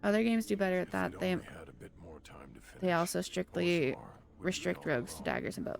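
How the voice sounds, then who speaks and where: A woman's voice: lowish voice, lively intonation, moderate pace, vocal fry, pauses often. A woman streaming a video game, chatting casually and venting her frustration while reading chat aloud.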